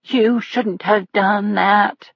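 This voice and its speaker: A woman voicing a grieving, vengeful teenage boy who makes slow, low threats, in an audiobook. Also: steady tone, husky, no echo, muffled recording, heavily acted. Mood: menacing.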